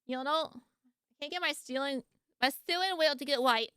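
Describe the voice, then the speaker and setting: A woman's voice: high-pitched, normal speed, sharp tone, dry recording, clean studio sound. A woman streamer in casual live-stream chat, playful and jokey, laughing often and yawning sleepily.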